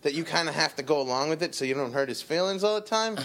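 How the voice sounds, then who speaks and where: A man who is a comedian tells loose, rambling stories in casual podcast chat. His voice sits a little high for a man, and his sentences often restart. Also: animated, quick pace, a bit bright, a little hiss or hum. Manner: rambling storyteller, frequent restarts. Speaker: comedian guest and producer.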